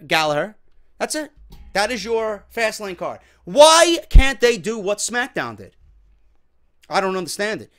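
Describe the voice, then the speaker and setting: High-pitched profane ranting man. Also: fairly bright tone. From New York. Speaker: wrestling show host. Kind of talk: ranting commentary.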